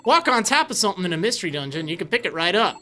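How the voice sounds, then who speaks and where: A woman's voice: mid-range voice, very animated, very fast, a bit bright, faint music behind. Woman doing a folksy leaf-creature guide. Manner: drawling, homespun sayings. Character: folksy country-talking male leaf creature, helpful guide. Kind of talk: reading game dialogue aloud.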